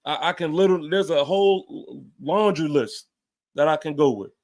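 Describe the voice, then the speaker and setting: Heated high-voiced man ranting post-game. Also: normal speed, darkish tone. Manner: heated, emphatic, repeats points, casual swearing. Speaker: fan show host. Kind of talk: post-game fan rant.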